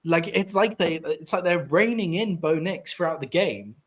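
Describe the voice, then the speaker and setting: A British man co-hosting a sports podcast, talking in a loose, animated way full of filler words and small rants. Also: a little high, normal speed. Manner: animated, ranting, frequent "like" fillers. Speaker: podcast co-host. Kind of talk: casual sports chat.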